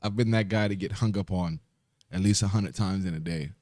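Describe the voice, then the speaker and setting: A man's voice: low voice, a little fast, darkish tone, no echo, clean studio sound. A man with a New York accent in casual podcast chat, laid-back and slangy, acting out phone calls as he tells stories. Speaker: podcast co-host. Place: podcast studio.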